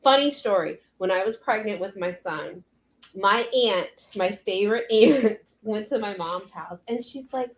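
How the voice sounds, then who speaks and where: A woman's voice: mid-range voice, lively intonation, a little slow, echoey room. A young woman cake decorator chatting on a live stream, ranting animatedly and cursing freely. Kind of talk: casual live stream chat.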